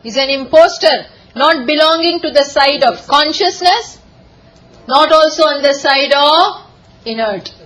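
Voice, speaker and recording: A woman giving a lively scripture lecture, telling stories and often laughing. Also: sits high, a little slow, poor audio. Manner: animated storytelling, often laughing. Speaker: spiritual teacher.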